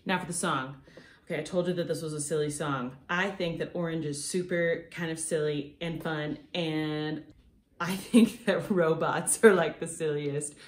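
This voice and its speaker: A young woman leads a playful music lesson for kids, counting the beat aloud and cheering them on. Her voice sits on the low side. The recording has the echo of a bare room at home and a faint hiss underneath. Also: steady tone, normal speed. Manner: upbeat, encouraging, counts beats aloud. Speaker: music teacher.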